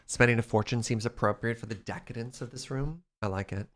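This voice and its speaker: A man with a medium-pitched voice, talking a little fast, streams a building game live. He's animated and playful, chatting with his viewers as he plays.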